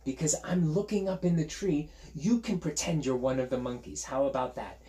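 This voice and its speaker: A man's voice: fairly high pitch, moderate pace, warm tone. A male teacher reading a picture book aloud to children in a playful, chatty way and inviting them to join in. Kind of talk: storytime read-aloud for children.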